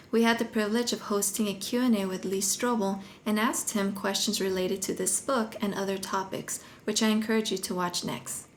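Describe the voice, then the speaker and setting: A woman hosting her channel, reading a book review in steady, earnest scripted narration. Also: mid-range voice, a little hiss or hum.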